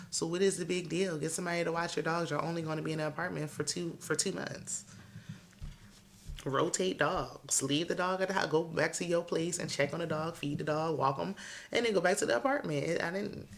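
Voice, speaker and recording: A woman's voice: low voice, creaky. A woman in her thirties giving a chatty, blunt and candid recap of a reality TV show. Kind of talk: casual opinionated recap.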